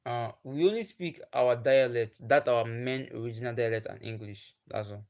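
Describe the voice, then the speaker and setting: This livestream host is a young man from Nigeria whose native tongue is Igbo, and his voice is medium-pitched, moderately paced and a little mellow. He chats casually with viewers in a Nigerian accent, often repeating himself.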